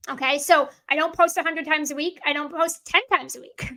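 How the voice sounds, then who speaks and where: A woman's voice: high voice, fairly even intonation, brisk, sharp tone. A woman business coach teaching a masterclass in an emphatic, repetitive way, often acting out what clients say to her.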